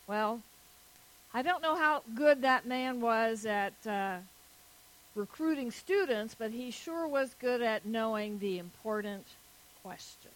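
A woman preaching a sermon, telling a story slowly and deliberately. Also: on the high side, low-quality recording.

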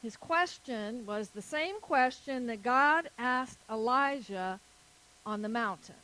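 A woman preaching a sermon, telling a story slowly and deliberately. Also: fairly high pitch, animated, sharp tone, poor audio.

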